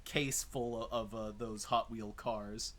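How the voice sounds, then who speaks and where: A relaxed host chatting casually with a guest and laughing along. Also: mid-range voice, slow pace, a crowd in the background. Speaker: interviewer, host. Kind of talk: casual chat. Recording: faint background noise.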